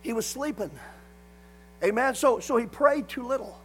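A man's voice: extremely high pitch, moderate pace, a bit bright, slightly rough, poor audio. A man preaching a sermon, hammering points through repetition and punctuating them with frequent calls of "amen". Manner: repetitive emphatic phrasing, frequent "amen" call-outs.

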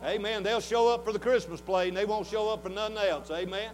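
A man in his sixties with a Southern US accent, preaching a fervent revival sermon in a folksy way that swings from hushed talk to shouting. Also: sits high, a little fast, soft background music, low-quality recording. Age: 60s.

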